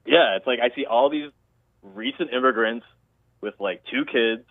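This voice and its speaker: A man's voice: medium pitch, moderate pace, no echo. A man from Toronto with a Toronto accent, calling into a talk show and rambling casually in slangy talk. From Toronto, Canada. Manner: rambling, loose slangy talk with many restarts. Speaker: caller. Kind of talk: casual phone-in chat. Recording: tinny phone line.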